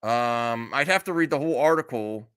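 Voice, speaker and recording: A man's voice: mid-range voice, moderate pace, fairly bright tone, clean tone. A man hosting a casual live stream, reacting bluntly and with exasperation, swearing freely as he reads chat. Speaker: streamer host.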